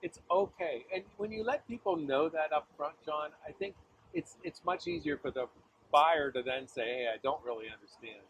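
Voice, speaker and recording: A man with a husky voice giving sales advice, telling stories in an animated way. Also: on the high side, normal speed, narrow, tinny audio, slight background noise. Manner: animated anecdotal storyteller. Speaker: sales advisor guest. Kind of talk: casual business chat.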